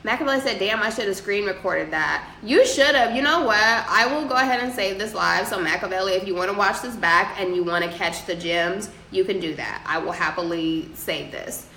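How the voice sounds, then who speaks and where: This livestream host, a young woman, talks fairly quickly with few pauses, her mid-range voice pushed and bright. She reads viewers' comments and tosses out loose, profane advice, recorded in an echoey room with faint ambient noise.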